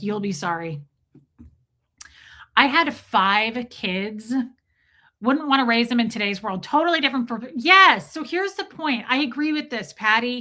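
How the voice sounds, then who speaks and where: A woman's voice: a little high, bright, forceful tone. A middle-aged woman hosting a casual livestream, chatting in a rambling way, filling her talk with "like" and greeting commenters by name mid-story. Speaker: livestream host.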